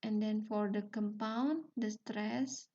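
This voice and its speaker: A woman with an Indonesian accent delivers a recorded lecture on linguistics, going over key terms repeatedly and peppering her talk with "yeah" and "okay." She speaks slowly in a steady, dark, mid-range voice, captured through distant, dull lo-fi sound.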